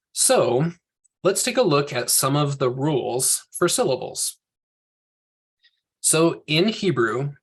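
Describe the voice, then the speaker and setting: A man teaching a language class over a video call, explaining rules patiently and step by step. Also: mid-range voice. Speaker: Hebrew teacher. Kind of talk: online class lecture.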